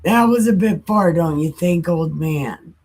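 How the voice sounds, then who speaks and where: Sassy grumbling Satan, as a woman puts him on; husky, unhurried. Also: on the low side, a little mellow. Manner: sassy back-talk. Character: sulky male Satan, mouthy and aggrieved.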